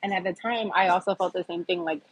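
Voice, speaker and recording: This East Coast American woman in her fifties runs a livestream, reading out viewers' comments in a chatty, candid way with frequent laughter. She talks fast in a steady, lowish voice, and the poor audio carries a little hiss or hum.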